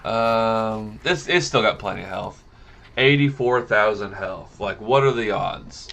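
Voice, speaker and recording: Rambling low-voiced gaming man. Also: a little slow, creaky, a bit bright. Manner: rambling, self-correcting, easily amused. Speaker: gaming YouTuber. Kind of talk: casual let's-play commentary. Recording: noticeable background noise.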